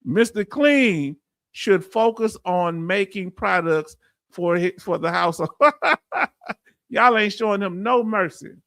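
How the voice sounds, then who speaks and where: Man, lively casual commentary, higher pitch, dry room. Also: slow pace, no room sound. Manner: animated, talks back at clips, laughs often. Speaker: veterans benefits commentator.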